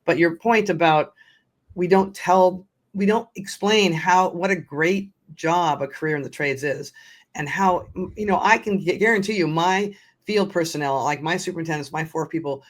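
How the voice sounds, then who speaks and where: Older woman, podcast guest with a low voice and an earnest storytelling manner that keeps restarting sentences. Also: normal speed. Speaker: guest, nonprofit founder. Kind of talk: conversational storytelling.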